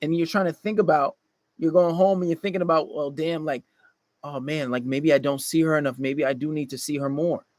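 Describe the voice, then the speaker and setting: A man's voice: a little high, steady tone, brisk, no room sound. A man delivering a blunt, profane dating-advice monologue to male listeners, often mocking the people he quotes.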